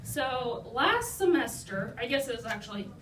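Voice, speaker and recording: A young woman with a high, slightly bright voice, very animated at a moderate pace, tells funny self-deprecating stories about her life to a live audience. Her chatty talk is packed with "like" and "you know," and the distant-mic recording is roomy and noisy.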